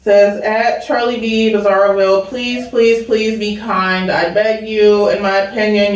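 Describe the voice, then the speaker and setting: A woman with a giggly manner reads viewer comments aloud in a steady voice. She is far from the mic, and the room rings with heavy echo. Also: medium pitch. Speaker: co-host reading comments. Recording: very echoey room, distant mic.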